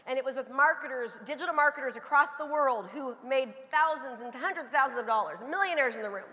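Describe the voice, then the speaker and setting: A bright, forceful woman delivers a motivational talk from a stage and leads the crowd in chants that she often shouts. Her voice sits high, and the recording carries the long reverb of a big hall. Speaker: motivational speaker.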